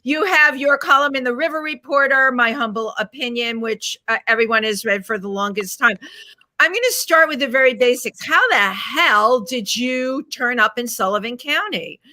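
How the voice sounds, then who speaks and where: A middle-aged woman co-hosting a casual talk show. Her high, bright voice gushes with excitement, and she laughs easily between questions. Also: normal speed. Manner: gushing, laughs a lot. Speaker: co-host. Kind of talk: casual interview chat.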